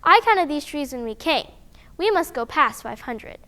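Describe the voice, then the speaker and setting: A woman voicing a calm counting sister in a children's story, speaking in a reassuring way. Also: high voice, moderate pace, full character voice.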